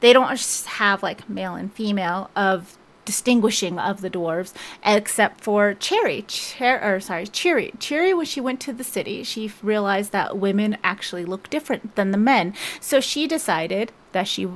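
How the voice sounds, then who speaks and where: A woman's voice: mid-range voice, normal speed. A woman book vlogger recapping a novel's plot in a rambling, casual way, full of fillers and restarts. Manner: rambling, chatty, frequent "like" and restarts.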